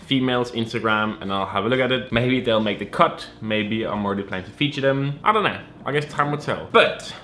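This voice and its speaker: A man's voice: lowish voice, fairly quick, hardly any pauses, a bit bright, roomy sound, slight background noise. A man in casual chat about fashion, rambling and repeating his words, now and then swearing offhand. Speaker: fashion YouTuber.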